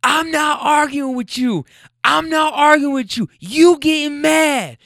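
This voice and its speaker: A man voicing a furious young woman screaming at her partner in the street, shrill and yelling at the top of her lungs. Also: a little slow, creaky, dry recording, studio quality, full character voice.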